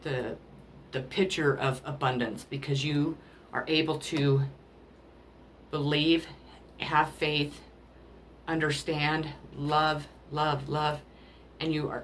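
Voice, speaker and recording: A woman doing a spiritual card reading, emotional and rambling, often pausing to apologize as she talks to the listener about love. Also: deep voice, steady tone, a little hiss or hum. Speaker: tarot card reader.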